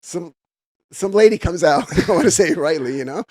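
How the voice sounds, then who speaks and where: A quick-talking man in his fifties, from New York, spins stories in a casual chat and slips into the voices of the people he quotes. His voice sits a bit high for a man and is caught close and dry, with no room sound around it. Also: no room sound. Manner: lively storyteller who acts out quoted voices. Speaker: guest lawyer.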